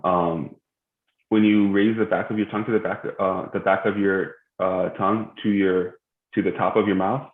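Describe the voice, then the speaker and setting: A man's voice: sits low, level tone, normal speed. A young man teaching a live religious recitation lesson in a mosque, hesitant and full of filler sounds as he explains. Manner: hesitant, many filler sounds, self-correcting. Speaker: tajweed teacher. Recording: echoey, tinny phone-like stream.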